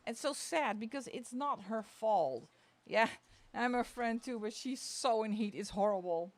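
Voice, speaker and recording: A woman chatting casually on a stream from home while she colors, laughing often. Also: measured pace. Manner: talks in a high coaxing baby voice to her dog.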